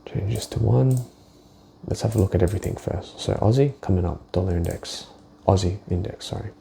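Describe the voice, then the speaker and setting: A man's voice: deep voice, brisk, gravelly, warm tone, a little hiss or hum. A man giving a casual walkthrough of his forex trades, thinking aloud and swearing as he goes, with many restarted sentences. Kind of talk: casual screen-share market walkthrough.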